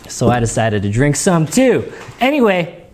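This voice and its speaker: A man's voice: on the high side, wildly swooping pitch, takes it slowly. A man with a runny nose hosting a casual gear vlog, chatty and rambling, often breaking into giggles, recorded in his dining room at home. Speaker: gear channel host.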